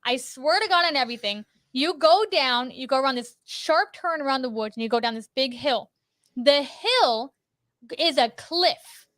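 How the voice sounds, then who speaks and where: A woman co-hosting a live show, telling an excited story with strong emphasis. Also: high-pitched, moderate pace, no room sound, clean studio sound. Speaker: podcast co-host. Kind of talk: casual chat.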